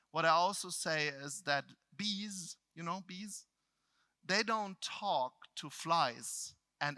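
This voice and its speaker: A middle-aged man from Germany with a German accent, telling a personal story to a live seminar audience. He swings between loud outbursts and quiet reflection. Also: a little high, clear, resonant tone, no echo. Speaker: motivational speaker.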